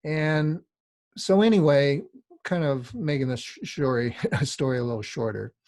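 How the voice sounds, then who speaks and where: A man's voice: mid-range voice, a little slow, a little mellow, no echo, clean studio sound. A middle-aged man, a design teacher, lecturing in a rambling, conversational way with frequent asides. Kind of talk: lecture with casual storytelling.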